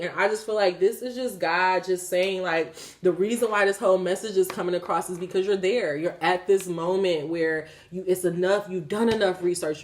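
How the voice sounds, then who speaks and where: A woman in her thirties talking candidly to her viewers about faith, swearing freely and laughing as she goes. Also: mid-range voice. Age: 30s. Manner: profane, animated, laughing, talks straight to viewers. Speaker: spiritual vlogger. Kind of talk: candid spiritual talk to camera.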